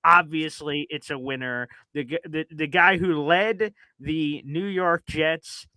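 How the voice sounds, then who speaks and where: A man hosting a casual sports talk show, telling stories in an animated way and acting out his own reactions. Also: a little high, slow pace, no echo. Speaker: podcast host.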